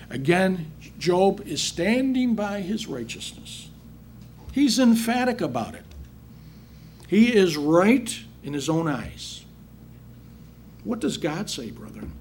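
A male preacher with a somewhat high voice that rises and falls a great deal as he works through scripture. He reads a verse, then recasts it in casual speech for his congregation, over a faint hiss of background noise. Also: darkish tone. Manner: reads verses then paraphrases in plain talk, addresses congregation as brethren. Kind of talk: sermon, Bible exposition.

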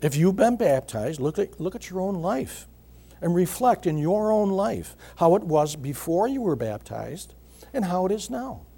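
A middle-aged man preaching a sermon in a measured way, repeating phrases and often clearing his throat. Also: sits high, big pitch swings, mellow. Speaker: pastor.

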